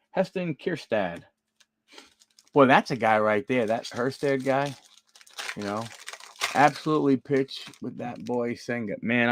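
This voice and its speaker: Flipping through cards on a live stream, this card break host chats with viewers by name and reads off each player. He has a mid-range voice, recorded with no room sound.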